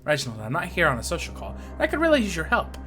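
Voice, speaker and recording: Player voicing male army doctor, chummy, earnest, bright, animated. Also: medium pitch, fast talker, faint music behind.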